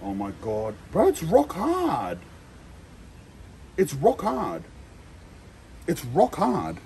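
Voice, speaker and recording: Animated young man, lively vlog voice. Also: fairly high pitch, drawn-out words, long pauses, husky. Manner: animated, exaggerated disgust, slangy. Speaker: food challenge vlogger. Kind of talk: casual vlog.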